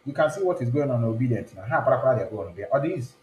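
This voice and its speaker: Male stream host, chatty code-switcher, mid pitch, echoey room. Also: animated, rapid-fire, darkish tone, slight background noise. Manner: chatty, mixes English with Igbo and pidgin. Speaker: online show host. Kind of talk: casual live-stream talk. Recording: roomy echo.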